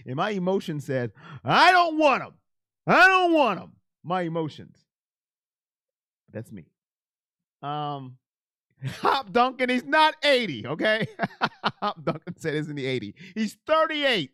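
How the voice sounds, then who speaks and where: Animated man hosting a chatty live stream. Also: fairly high pitch, normal speed, pauses often, dry recording, studio quality. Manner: animated, emotional, talks to chatters by name. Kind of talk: casual live chat about football.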